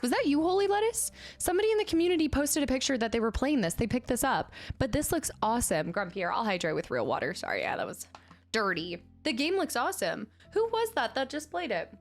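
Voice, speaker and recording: Giggly, excitable woman streamer. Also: a little high. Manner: excitable and giggly, cooing to her cat. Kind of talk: casual live-stream chat. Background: faint film music.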